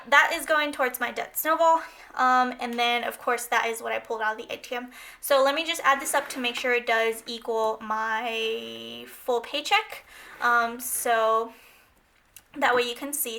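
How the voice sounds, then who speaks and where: Bright, chatty woman vlogger. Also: on the high side. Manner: chatty, rambling, scatter-brained. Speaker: budgeting vlogger. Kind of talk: casual talk-through while counting cash.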